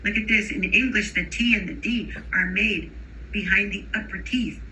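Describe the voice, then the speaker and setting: A woman giving a recorded lecture to teachers. She explains clearly, models sounds aloud, and checks in with rhetorical questions. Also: medium pitch, steady tone, moderate pace, pushed and bright, slight background noise, rough recording. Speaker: instructor for teachers of bilingual children.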